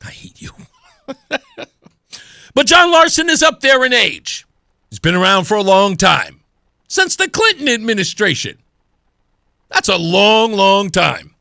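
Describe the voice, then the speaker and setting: A man's voice: high-pitched, huge pitch swings, unhurried, creaky, pauses often, bright, forceful tone, no echo, studio quality. A man in his thirties hosting a talk radio show, delivering an opinionated monologue with sarcasm and mimicked voices. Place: radio studio. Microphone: studio microphone.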